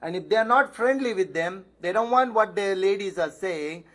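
This sermon with Bible reading comes from a man whose voice is high-pitched, animated and a bit bright, at a moderate pace. As pastor, he stresses points by repeating phrases and by asking questions he then answers himself, all delivered emphatically.

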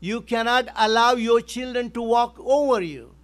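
A man's voice: very high voice, moderate pace. A male pastor preaching a sermon in an emphatic way, repeating his key phrases.

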